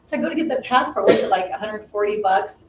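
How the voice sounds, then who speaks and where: A woman in her fifties telling a story in casual chat as co-host, acting out the voices she quotes. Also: fast talker. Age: 50s. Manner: animated, acts out quoted voices with big swings in pitch. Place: home live stream. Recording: roomy echo, distant mic, faint noise.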